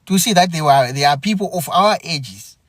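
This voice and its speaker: A man from Zimbabwe hosting a podcast, speaking an earnest, aggrieved monologue full of repeated phrases and halting restarts. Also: fairly high pitch, expressive, fairly bright tone, no room sound, clean studio sound. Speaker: podcast host. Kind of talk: impassioned spoken monologue.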